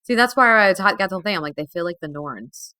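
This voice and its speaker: Woman co-host, bright and animated, quick reactions, dry mic. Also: medium pitch, dry recording. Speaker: podcast co-host. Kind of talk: casual TV recap chat.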